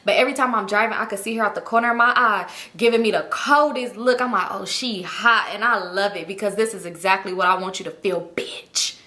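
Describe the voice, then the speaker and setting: A woman vlogger telling a story to her viewers in a lively, slangy way, acting out each quote. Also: mid-range voice, fast talker, hardly any pauses. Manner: animated, slangy, acts out every quote.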